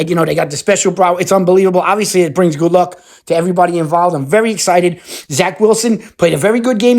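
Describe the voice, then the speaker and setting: A man playing a middle-aged Brooklyn superfan caller who rambles and repeats himself in a rushed, boastful patter. His Brooklyn voice sits high and has a gravelly edge. This is a comedic sports radio call-in sketch.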